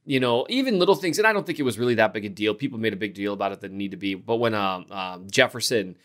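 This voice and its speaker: A man talking on a casual sports podcast in a quick, rambling way, full of "like" and "you know". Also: on the low side, lively intonation, a bit bright. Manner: quick, rambling talk with fillers. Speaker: podcast co-host.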